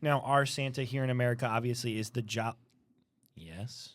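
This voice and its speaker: A teacher with a medium-pitched, steady voice hosts a school podcast at normal speed in casual chat. They patiently ask children questions, explain things, follow up, and steer the kids back on topic.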